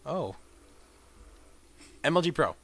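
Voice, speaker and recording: Crude, excitable young gaming commentator, a man. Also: on the high side, slow, creaky, no room sound. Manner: crude, profane, shouting bursts and mumbled asides. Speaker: gameplay commentator. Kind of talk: let's play commentary.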